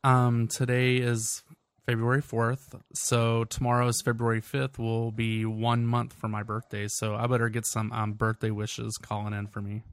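A man in his thirties from Virginia, co-hosting a loose chat show. His voice sits at a middle pitch with plenty of gravel in it. He is relaxed and laughs easily. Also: moderate pace, no echo. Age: 30s. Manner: laid-back, laughs easily. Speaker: co-host. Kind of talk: casual chat.

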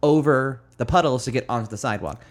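A man chatting casually as a podcast co-host, telling animated stories and swearing freely. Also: medium pitch, fast talker. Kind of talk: casual chat.

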